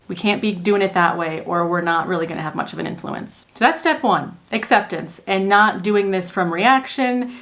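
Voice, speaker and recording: Calm woman coaching in steps. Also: mid-range voice, moderate pace, few pauses. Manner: calm, earnest explaining in spoken steps. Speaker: manifestation coach. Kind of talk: casual teaching monologue.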